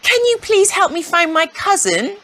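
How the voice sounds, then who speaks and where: A woman voicing an eager, polite young male country mouse, gentle and earnest. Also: extremely high pitch, very animated, normal speed, dry recording, pitched above the performer's own voice, heavily acted. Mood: wondering.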